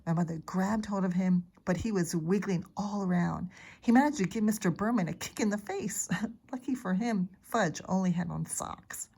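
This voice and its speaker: A teacher reading a children's chapter book aloud, narrating in a steady, expressive way. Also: female voice, mid-range voice, moderate pace, vocal fry, breathy edge. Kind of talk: storybook read-aloud.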